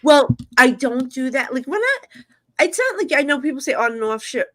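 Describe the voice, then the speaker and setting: A New Jersey psychic medium in middle age speaks in a high-pitched, sing-song voice, a bit bright, at a normal speed. Chatting casually as a guest, she tells candid, emotional stories peppered with fillers.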